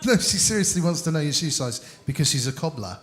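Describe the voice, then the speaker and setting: A man's voice: on the high side, lively intonation, fast. A man hosting a live interview before an audience, teasing his guest and pressing him with questions. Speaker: host.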